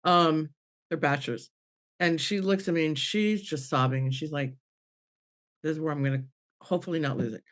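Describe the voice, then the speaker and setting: A middle-aged woman, here as a guest medium, tells an emotional personal story earnestly at normal speed, pausing often. She voices dialogue with a rising tone and softens to a low voice when emotion takes her.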